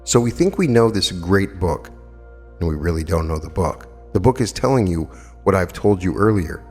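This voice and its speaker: A man's voice: low-pitched, lively intonation, moderate pace, darkish tone, long reverb tail, faint music behind. A man in his fifties giving a spiritual lecture, telling anecdotes earnestly and emphatically with rhetorical questions. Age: 50s. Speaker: metaphysical lecturer.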